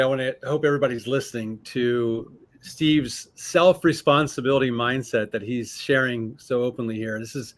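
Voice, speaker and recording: A man hosting an interview, asking questions in an appreciative, encouraging manner. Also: mid-range voice. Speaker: podcast host.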